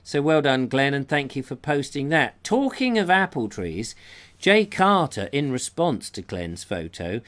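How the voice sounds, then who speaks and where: A man's voice: mid-range voice, very animated, measured pace, a bit bright. A middle-aged man hosts a live show in a chatty, rambling way. He often stops to correct himself as he goes. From England. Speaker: show host reading out viewers' photos. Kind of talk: casual live show chat.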